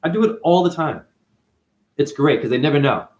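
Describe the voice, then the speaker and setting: Male vlogger, slightly high voice, animated and profane, rambling spiritual monologue. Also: normal speed. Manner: animated, profane, calls listeners "honey". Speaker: video monologue host.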